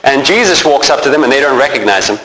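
A man preaching a sermon as pastor, animated and emphatic, often repeating himself as he stresses a point. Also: medium pitch, fast. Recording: echoey hall with long reverb.

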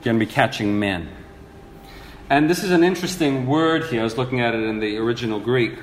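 A man delivers a sermon in an echoey hall with a long reverb tail. His pitch sits in the middle range, and his delivery is earnest and animated. He voices the figures he quotes, with faint room ambience behind him. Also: fast talker, slight background noise. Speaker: preacher.

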